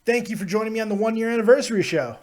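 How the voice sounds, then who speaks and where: A man hosting a live call-in show, talking in a loud, blunt and profane way and laughing often. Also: sits high, racing. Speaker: host of a wrestling call-in show. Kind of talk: casual live call-in chat.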